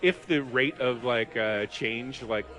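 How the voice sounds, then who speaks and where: A man in his thirties rambles through a casual podcast chat over drinks, his voice at a plain middle pitch. He circles his points with lots of fillers and restarts. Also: slow, fairly bright tone, soft background music. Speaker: podcast co-host. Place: bar.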